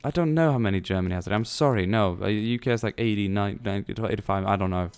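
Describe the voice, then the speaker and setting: Low-voiced man rambling over gameplay. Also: fast, a little mellow, smooth. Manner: rambling, thinks aloud, jokey asides. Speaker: let's play commentator. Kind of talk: casual gameplay commentary.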